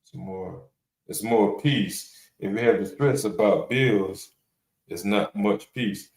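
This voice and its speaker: A man's voice: lowish voice, takes it slowly, vocal fry, a little mellow. A man hosting a reaction podcast panel, talking in a blunt, rambling, casual way with plenty of swearing and fillers. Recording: roomy echo.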